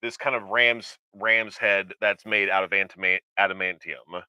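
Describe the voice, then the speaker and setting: A man's voice: lowish voice, fairly even intonation, normal speed, pushed and bright, clear, resonant tone, no echo, rough recording. A man co-hosting a casual chat show, rambling and hesitant with lots of fillers and restarts. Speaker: podcast co-host.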